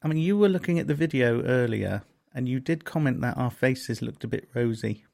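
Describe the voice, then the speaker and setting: A man's voice: medium pitch, expressive, brisk, vocal fry, darkish tone. A man with a West Country accent co-hosting a casual comedy podcast, teasing his partner in a dry, playful way. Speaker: podcast co-host.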